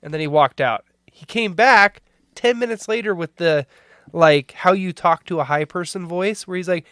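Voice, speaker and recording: A podcast host telling a story in a casual, animated way, acting out what people said. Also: mid-range voice, normal speed, no room sound, clean studio sound. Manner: animated storyteller, acts out quotes.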